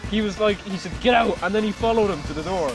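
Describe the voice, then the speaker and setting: A young Irish man telling animated, laughing stories in a casual chat. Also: high-pitched, fast, poor audio. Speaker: co-host. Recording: loud music underneath.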